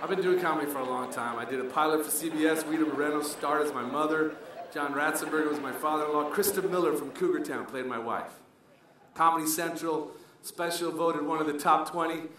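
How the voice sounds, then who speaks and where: A middle-aged man from Colombia performs a stand-up set in an animated style, weaving Spanish into English. His voice sits fairly high for a man. The recording is heavily echoey and distant, with a crowd audible throughout. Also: brisk, noisy background. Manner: animated, switches between English and Spanish, acts out characters. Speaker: stand-up comedian. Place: comedy club stage with live audience.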